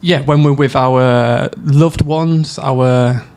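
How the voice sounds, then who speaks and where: A man's voice: mid-range voice, fairly even intonation, slow pace, a little mellow. Posh-sounding northern man hosting a podcast. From York, northern England. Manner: self-conscious, light laughing, a bit posh. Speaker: podcast host.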